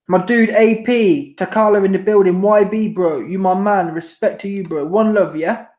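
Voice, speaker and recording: High-voiced man, slangy live-stream banter. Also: normal speed. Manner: slangy, repetitive, laid-back banter. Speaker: boxing commentary channel host. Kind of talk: casual live-stream chat reading super chats. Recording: roomy echo.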